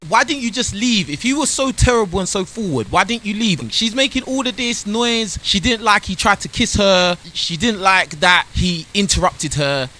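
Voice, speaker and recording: A man's voice: sits high, normal speed, hardly any pauses, sharp tone, soft background music. A man hosting a reaction video, commenting on a clip in a blunt, scornful, lecturing way. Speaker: reaction channel host.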